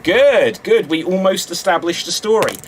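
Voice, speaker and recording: A man's voice: high-pitched, expressive, moderate pace, slight background noise. A man hosting a live-streamed improv show, announcing rounds and calling time through giggles.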